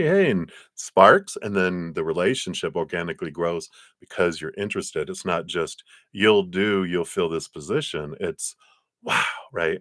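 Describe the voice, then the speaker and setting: A very deep-voiced man gives a relaxed, chatty live tarot reading, laughing easily and reading card texts aloud. His voice sits close and dry on the mic, with hardly any room sound. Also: no echo.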